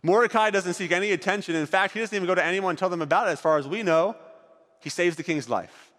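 A man's voice: high voice, quick pace, a bit bright, big-room sound. A man leading a group through an acted-out Bible story, directing volunteers on stage as he narrates.

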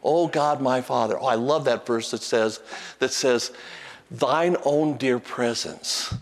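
A man preaching a sermon as pastor, animated and repeating himself with restarts, at times singing a hymn softly. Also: medium pitch, takes it slowly, big-room sound. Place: church sanctuary with long reverb.

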